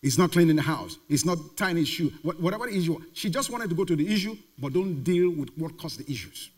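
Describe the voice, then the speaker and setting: A pastor preaching a sermon with emphatic repetition and rhetorical questions. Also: male voice, fairly high pitch, lively intonation, fast talker. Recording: reverberant hall.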